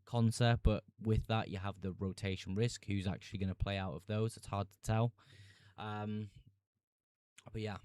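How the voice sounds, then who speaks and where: A young man chats on a live stream in a relaxed, easygoing way, reading out viewer comments and laughing as he goes. His voice sits fairly low and sounds smooth and clear. It comes across as close and dry, with no room sound. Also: dry recording. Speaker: fantasy football streamer. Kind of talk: casual live-stream chat.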